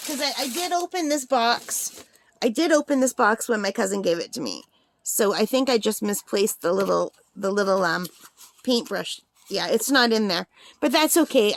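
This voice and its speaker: Woman, high voice, giggly gushing craft vlogger, overtired, dry close sound. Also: dry recording. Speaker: craft channel host. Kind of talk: casual unboxing vlog.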